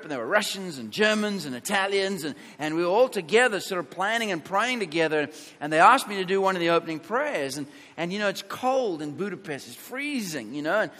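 Bright, high-pitched man preaching in a hall. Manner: animated storytelling, acts out quotes. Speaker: pastor. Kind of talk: sermon. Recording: long hall reverb.

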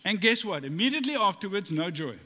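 This pastor's high, sing-song, sharp voice moves at a quick pace through a conversational sermon. He fills it with rhetorical questions and playful asides, and a long hall reverb hangs on the recording.

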